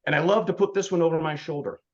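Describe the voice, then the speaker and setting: A man's voice: fairly high pitch, fairly even intonation, fast, highs cut off. Fired-up man preaching to his team. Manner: blunt, fired-up, preachy, swings between loud and hushed. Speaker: insurance agency leader speaking to his team. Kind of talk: motivational talk.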